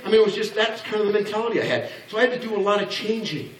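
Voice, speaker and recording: High-voiced older man preaching business success. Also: very fast. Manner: animated, blunt and joking, acts out quoted voices. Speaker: motivational business speaker. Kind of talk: live motivational talk to an audience. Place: large hall before an audience. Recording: echoey hall, speaker far from mic.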